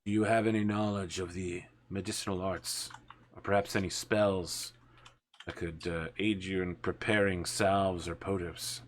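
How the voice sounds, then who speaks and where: A man's voice: low voice, steady tone, unhurried, a little hiss or hum. A man voicing a small, polite male goblin cleric who speaks formally in a tabletop game. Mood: courteous. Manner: formal, courteous, businesslike.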